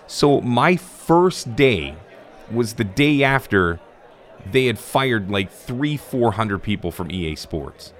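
A man, once a stadium broadcaster and PA announcer, telling a casual, animated story in a conversational way. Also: mid-range voice, slow pace.

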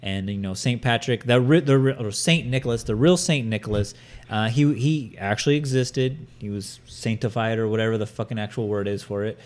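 A man's voice: fairly low pitch, fairly quick, a little mellow. A man co-hosting a casual podcast, rambling through a story with lots of fillers and swearing. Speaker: podcast co-host.

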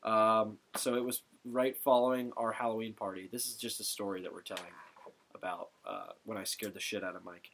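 A young man co-hosting a casual podcast, telling stories in an animated way, swearing casually and often laughing. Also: lowish voice, fairly quick, a little hiss or hum. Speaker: podcast co-host. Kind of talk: casual chat.

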